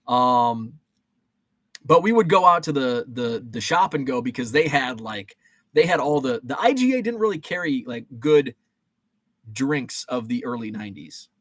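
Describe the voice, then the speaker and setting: A man in his forties chats casually on a live stream, rambling from one thought to the next with plenty of fillers and restarts. He keeps a light, joking tone. His voice sits at an ordinary middle pitch, recorded with a dry, close sound. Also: big pitch swings, moderate pace, fairly bright tone, no room sound. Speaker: host of a live chat stream.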